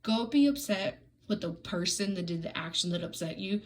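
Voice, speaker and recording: A woman's voice: mid-range voice, expressive, moderate pace, rough recording. A woman giving a casual, sarcastic book review, ranting in an exasperated way with frequent "like" fillers and restarts.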